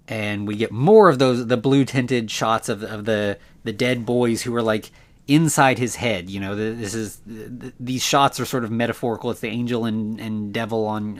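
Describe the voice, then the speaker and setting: A man hosting a podcast, recapping a movie casually with lots of fillers and restarts. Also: lowish voice. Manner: rambling, many fillers. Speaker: podcast host.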